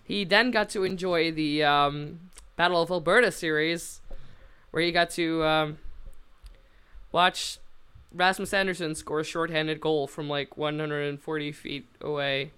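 A woman's voice: sits low, steady tone, unhurried, fairly bright tone, clean tone. A woman co-hosting a podcast with friends, chatty, with lots of fillers and casual swearing. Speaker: podcast co-host. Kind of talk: casual chat.

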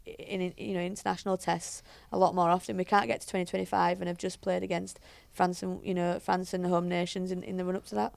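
A woman's voice: lowish voice, flat delivery, fast, creaky, hardly any pauses, a little mellow, no echo. A woman, a head coach chatting as a guest, telling stories with many fillers and restarts. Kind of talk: casual interview chat.

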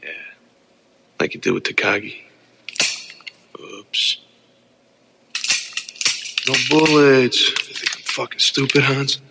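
A man's voice: mid-range voice, lively intonation, takes it slowly, creaky, pauses often, noisy background. An actor playing a tough, wisecracking male cop who taunts his enemy with sarcastic, swearing lines. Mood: taunting.

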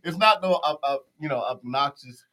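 High, lively man in loose chat. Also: rough recording. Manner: laid-back slang, laughs a lot, drawn-out exclamations. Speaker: podcast co-host. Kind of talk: casual live-show chat.

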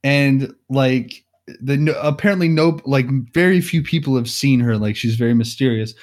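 Guy on a podcast rambling thru a movie plot, lots of likes, chuckling, normal pitch. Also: normal speed. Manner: rambling, heavy on "like", chuckles often. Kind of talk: casual movie recap chat.

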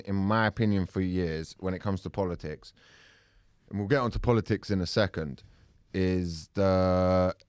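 A man's voice: fairly low pitch, no room sound, clean studio sound. A man co-hosting a casual podcast chat, ranting with profanity and slipping into mocking voices for laughs. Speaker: podcast co-host.

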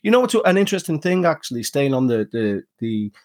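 British guy on a podcast, mid pitch, laid back, lots of ums and restarts. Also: big pitch swings, fast talker, darkish tone, dry recording, clean studio sound. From United Kingdom. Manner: hesitant, searching for words, easygoing. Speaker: podcast guest. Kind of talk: casual chat.

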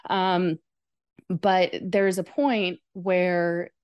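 A woman co-hosting a casual conversation, relaxed and thoughtful, pausing with fillers as she talks. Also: on the low side, clear, resonant tone, dull audio. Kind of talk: casual chat.

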